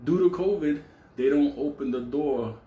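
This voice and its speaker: A man telling a profane, animated story in casual vlog style, laughing often and acting out quotes. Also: fairly high pitch, moderate pace, roomy sound, muffled recording. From New York City. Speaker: storyteller vlogger.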